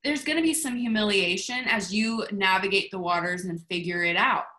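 A woman's voice: medium pitch, normal speed, pushed and bright. A woman giving a motivational talk to her team over a video call, in a chatty, gushing way. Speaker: team leader.

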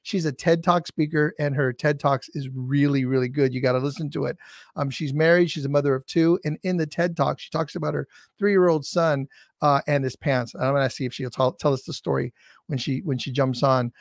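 A man's voice: fairly high pitch, steady tone, a little fast, creaky, no echo, studio quality. A man hosting a casual interview podcast, talking enthusiastically with plenty of restarts. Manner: enthusiastic, with many fillers and restarts. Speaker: podcast host.

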